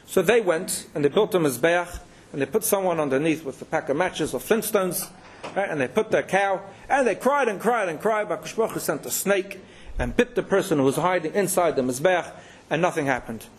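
Man, high voice, very lively pitch, Torah storytelling, chants verses. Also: a little fast, husky. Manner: animated, chants Hebrew verses then translates. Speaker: rabbi teaching Torah.

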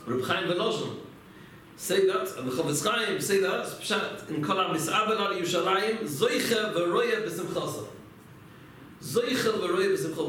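A man's voice: high-pitched, fairly bright tone, a little hiss or hum. A man giving a religious lecture, telling stories and asking and answering his own rhetorical questions. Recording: echoey room, mic far off.

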